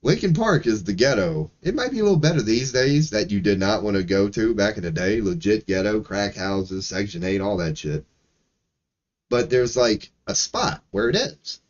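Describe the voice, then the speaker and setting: This streamer from Maryland has a fairly low voice and a moderate pace. His casual livestream rant is profane and animated with laughing asides, captured on dull audio.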